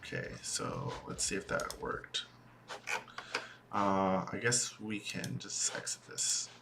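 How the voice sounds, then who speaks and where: A man streaming a quiet coding study session, talking to himself in halting bits as he works. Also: sits low, huge pitch swings, vocal fry, heavy background noise. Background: soft music and keyboard typing.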